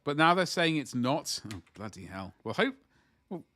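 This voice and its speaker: A man's voice: fairly high pitch, sing-song, normal speed, bright, forceful tone. A man chatting casually to viewers on a livestream as he paints miniatures, rambling and joking in asides.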